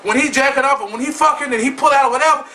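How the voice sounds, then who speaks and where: A man's voice: very high voice, racing, bright, forceful tone, distant mic, a little hiss or hum, rough recording. A man hosting his own video blog, delivering a sassy, flamboyant and profane celebrity gossip rant straight to his viewers. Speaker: vlog host.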